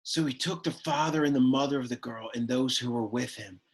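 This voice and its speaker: A man voicing a sullen, awkward teenage boy who gives a Latin lesson, deadpan, whiny and easily annoyed. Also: medium pitch, brisk, slightly rough, natural voice. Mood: exasperated deadpan. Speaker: Latin teacher.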